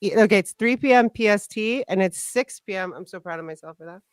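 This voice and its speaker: Chatty teasing woman host, smooth voice. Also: mid-range voice, no room sound, studio quality. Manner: chatty, teasing, fast storytelling. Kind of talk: casual chat on a live stream.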